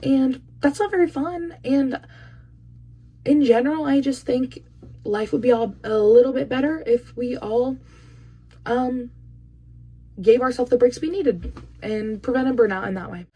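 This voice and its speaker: A woman's voice: a little high, measured pace, long pauses, dark tone, husky. A young woman talking casually to camera in a vlog, chatty and opinionated with emphatic bursts. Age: young adult. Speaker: vlogger.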